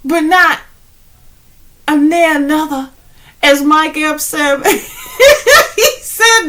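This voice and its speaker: Woman spiritual vlogger, high bright voice, animated, slangy, preachy and laughing. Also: slow pace, long pauses. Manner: preachy, addresses viewers directly. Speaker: spiritual channel host. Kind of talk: casual spiritual pep talk.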